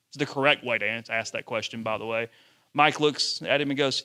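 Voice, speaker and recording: A man, a sports journalist telling lively stories to students. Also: medium pitch, fast. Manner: animated storyteller, acts out quotes. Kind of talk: storytelling talk to students.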